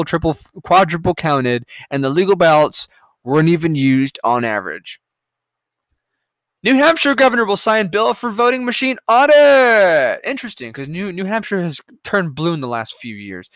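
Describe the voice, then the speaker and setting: A man hosting a solo podcast in a fairly high, lively voice that swings up and down. He reads headlines and cuts in with profane, sarcastic jabs. The sound is dry and close. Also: no room sound. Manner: profane, sarcastic, mocking asides. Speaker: podcast host. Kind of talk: solo commentary reading headlines.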